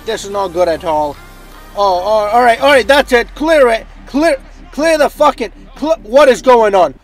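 A man commentating his own football video game, excitable and swearing often, shouting at plays. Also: very high voice, normal speed, soft background music, low-quality recording. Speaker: gaming channel host.

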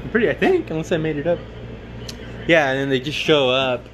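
A man's voice: a little high, expressive, fairly quick, a bit bright, a little hiss or hum. A man giving rambling, profane, joking commentary on a film while carving pumpkins at home. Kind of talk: casual chat.

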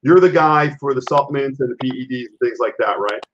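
A man's voice: mid-range voice, a little fast, a bit bright. A man hosting a podcast interview, asking friendly questions and giving brief encouraging replies. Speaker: podcast host. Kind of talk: casual interview. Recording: dull lo-fi sound with faint noise.

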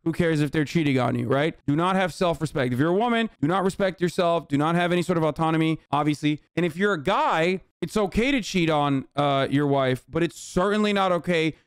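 Young guy streamer ranting hard, lots of swearing, smooth clear voice, dead dry sound. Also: on the high side, brisk, hardly any pauses, no room sound. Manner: blunt, profane, ranting. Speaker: streamer reacting to clips. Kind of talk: casual commentary.

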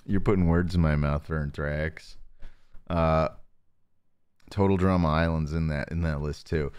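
A man hosting a live stream, chatting casually with viewers and talking softly close to the mic to save his voice. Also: rumbling low, flat delivery, a little slow, clean tone. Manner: joking, reads chat names aloud. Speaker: livestream host.

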